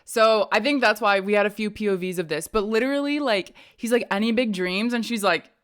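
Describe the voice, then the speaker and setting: A woman's voice: mid-range voice, fairly quick, a bit bright. Rambling woman podcast co-host. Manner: rambling storytelling, frequent "like". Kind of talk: casual podcast chat.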